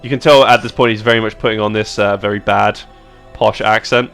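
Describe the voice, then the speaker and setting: A man narrating as game master of a tabletop game, relaxed and descriptive. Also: lowish voice, brisk, creaky, soft background music.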